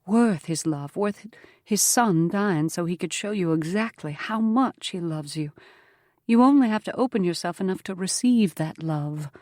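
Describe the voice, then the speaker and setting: A woman's voice: on the low side, expressive, moderate pace, darkish tone, dry recording, clean studio sound, natural voice. Woman reading a tender young frontier woman. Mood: tender reassurance. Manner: tender and reassuring. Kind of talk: audiobook character voice.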